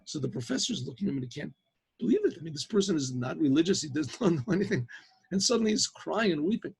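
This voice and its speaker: A rabbi narrates a story in a gravelly, husky voice that sits a little high for a man. He tells it with lots of animation, repeating words and stumbling into restarts. It sounds like a video call. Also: fast. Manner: animated, with stammered restarts and repetitions. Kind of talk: storytelling lecture.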